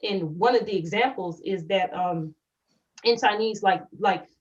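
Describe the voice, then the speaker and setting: A woman's voice: mid-range voice, a little slow. Woman, podcast co-host, explanatory, working through examples; sits back from a dull mic. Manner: explains step by step with examples, repeats words as she thinks. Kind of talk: educational podcast discussion. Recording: distant muffled mic.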